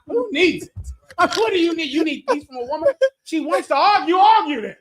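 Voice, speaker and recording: A man's voice: very high voice, lively intonation, brisk, fairly bright tone. A man leading a scripture class, preaching in a brash, joking way with lots of rhetorical questions, often laughing at his own jokes. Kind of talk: provocative preaching to a live chat.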